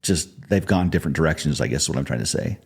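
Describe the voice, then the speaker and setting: A middle-aged man being interviewed as a business founder, speaking in a modest, relaxed and plainspoken way. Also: rumbling low, quick pace, vocal fry, husky. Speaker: podcast guest, business founder. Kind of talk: conversational interview.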